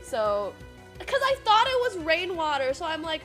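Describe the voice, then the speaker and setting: High, lively rambling young woman streamer. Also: normal speed, music in the background. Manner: animated, rambling with many fillers and swears. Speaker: livestreamer. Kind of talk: casual stream chat, storytelling.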